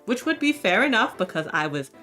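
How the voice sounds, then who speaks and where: A woman's voice: mid-range voice, very animated, fairly quick, pushed and bright. A woman reading the lines of a sly male con-artist narrator in a wry, self-assured storytelling manner, with faint music behind.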